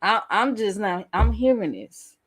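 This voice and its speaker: A woman's voice: mid-range voice, lively intonation, measured pace, slightly rough. A woman hosting a casual commentary channel, talking bluntly and candidly and often laughing as she reacts. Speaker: YouTube commentary host.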